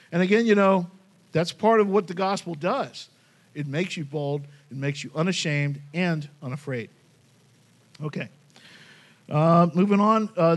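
Guy preaching casually, kinda high voice, chatty and animated, keeps saying man. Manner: conversational, animated, says "man" often. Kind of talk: casual sermon with Bible reading.

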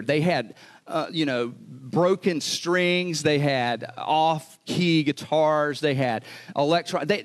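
Man, pastor, sermon storytelling, chatty, acts out quotes, voice a bit high.

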